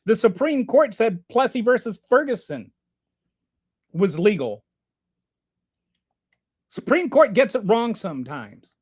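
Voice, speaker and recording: A man hosting a casual livestream, reading chat aloud and commenting in a rambling, animated way with many restarts. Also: high-pitched, takes it slowly, long pauses, breathy edge.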